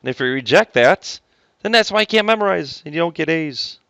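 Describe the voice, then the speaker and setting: A man's voice: on the high side, expressive, brisk, vocal fry, fairly bright tone, no room sound. A man teaching math to a class, joking with the students and stopping often to correct himself. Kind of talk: classroom lecture.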